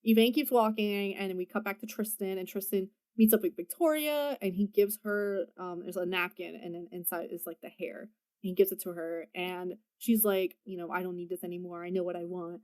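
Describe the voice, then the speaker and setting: A woman's voice: medium pitch, moderate pace, a little mellow, clean tone. A young woman co-hosting a podcast, loosely retelling a film plot, swearing and laughing as she goes. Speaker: podcast co-host. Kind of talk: casual movie recap chat.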